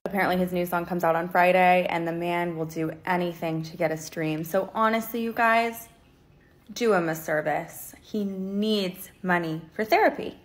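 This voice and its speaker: A woman's voice: fairly low pitch, steady tone. A woman in her late twenties telling a personal story in a casual, candid way, often checking in with her listeners and swearing freely. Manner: candid and quick, with frequent "okay?" check-ins and swearing. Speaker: storyteller vlogger. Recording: roomy echo.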